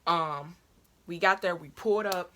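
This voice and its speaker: A woman's voice: lowish voice, a little slow, background noise. A young woman tells her labor story casually and animatedly, swearing and acting out her own past cries. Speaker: vlogger.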